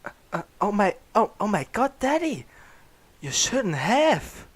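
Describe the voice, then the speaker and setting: A man voicing a whiny, eager young man in a high, giggly voice. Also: animated, slow, fairly bright tone, full character voice. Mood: excited. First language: German.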